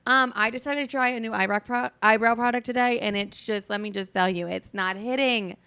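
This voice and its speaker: A young woman hosts her podcast with a casual ranting monologue, chatty and rambling, heavy on fillers and free with swearing, all while talking around a sore jaw. Her voice is a little high and a little fast, pushed, bright and smooth, with fairly even intonation.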